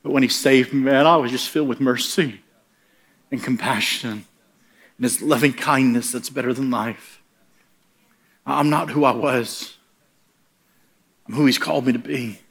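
A middle-aged man preaching a sermon through humorous stories, animated and laughing often, with plain, casual wording. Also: mid-range voice, moderate pace, slightly rough.

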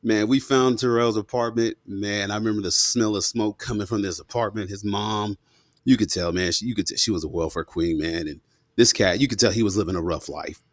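A man in his thirties with a somewhat low voice tells a personal story, slangy and animated, full of asides. The recording is dry and close to the mic. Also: a little fast, no echo. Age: 30s. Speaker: guest, former police officer. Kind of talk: casual storytelling.

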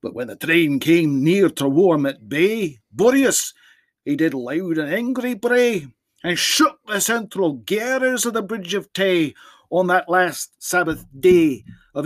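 A priest guesting on a podcast, reciting a poem theatrically in a put-on Scottish dialect. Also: male voice, on the high side, lively intonation, measured pace, no room sound. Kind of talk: dramatic poem reading.

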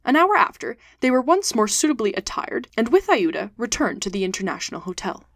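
A woman hosting a storytelling podcast, reading a classic novel aloud in a steady, clear, expressive way. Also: a little high, a little fast, no room sound, clean studio sound.

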